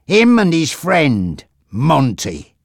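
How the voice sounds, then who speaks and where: A man's voice: fairly high pitch, wildly swooping pitch, drawn-out words, gravelly, no room sound, studio quality, pitched above the performer's own voice, exaggerated voice. A man voicing a bitter, brooding man in a wheelchair who bursts into screaming rage.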